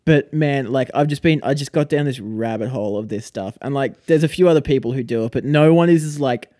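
A young man chats casually on a podcast, spinning an animated story packed with "like". His voice sits at an ordinary middle pitch, recorded close and dry. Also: a little fast, dry recording. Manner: animated storytelling with frequent "like" fillers. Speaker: podcast co-host. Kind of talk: casual chat.

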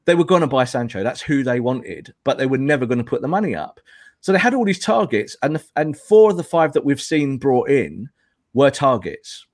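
A man's voice: mid-range voice, sing-song, a little fast. An emphatic man holds forth as a guest pundit on a football podcast. He argues his case in a lecturing way and often circles back to hammer a point home. His voice sounds dry and close, with no room echo.

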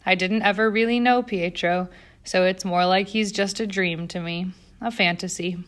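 A woman's voice: mid-range voice, steady tone, normal speed, close to an everyday voice. A woman voicing a cheerful young immigrant factory girl who talks in a wistful, earnest way.

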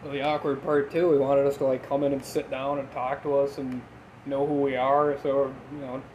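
A young man from Minnesota talks in a loose, easy way and swears freely while he tells old stories. His voice sits at a middle pitch. A faint hiss runs under the recording. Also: flat delivery, normal speed, darkish tone, low-quality recording. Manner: laid-back, swears freely, laughs while telling stories. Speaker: podcast host. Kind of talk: casual chat.

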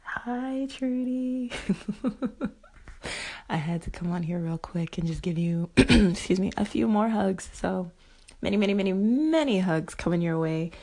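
Mellow, gravelly woman sending warm wishes. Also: fairly low pitch, moderate pace. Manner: gentle, warm, affectionate. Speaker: fellow podcaster calling in. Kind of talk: casual voice message.

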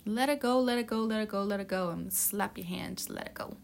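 A woman's voice: medium pitch, a little fast, gravelly, a little hiss or hum. A woman doing a casual tarot reading in a blunt, profane, tough-love way, with a youthful-sounding voice. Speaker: tarot reader.

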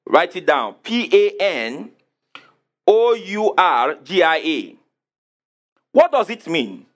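Lively high-voiced preacher. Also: male voice. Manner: emphatic preaching with call-and-response questions; spells out and repeats key words slowly. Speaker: pastor. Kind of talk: sermon.

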